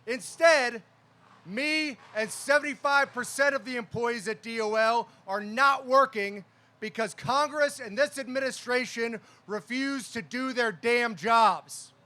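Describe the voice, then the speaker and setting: A man with a very high, brilliantly bright voice drives an outdoor rally speech. He is a union leader who hammers a repeated refrain with building passion, and his tone stays sharp and ringing throughout. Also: measured pace. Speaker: union local president, rally speaker.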